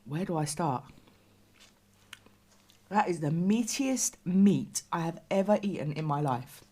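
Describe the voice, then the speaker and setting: A woman's voice: fairly low pitch, animated, a little slow, mellow, slightly rough. A British woman casually reviewing rations on her channel, chatty and exclaiming over the food, sometimes dropping to a near-whisper.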